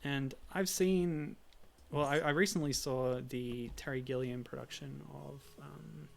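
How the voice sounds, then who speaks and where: Gravelly man chatting over a game. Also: mid-range voice, fairly even intonation, unhurried. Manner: rambling, self-deprecating. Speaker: streamer. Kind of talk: casual let's-play chat.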